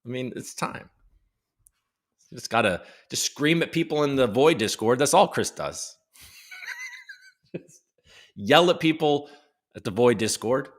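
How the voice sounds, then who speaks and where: A man's voice: mid-range voice, unhurried, long pauses. A man hosting a casual live crypto stream, joking and teasing viewers as he reads the chat, with some swearing. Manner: lively, with big jumps in loudness. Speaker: crypto livestream host.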